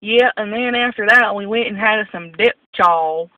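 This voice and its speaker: A speaker putting on a West Virginia drawl to play a folksy, truck-loving country type, talking slowly and bragging. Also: medium pitch, no room sound, close to an everyday voice. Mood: boastful. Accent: put-on West Virginia drawl. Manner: slow, drawn-out, bragging folksy talk. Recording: tinny phone-like audio from a distant mic.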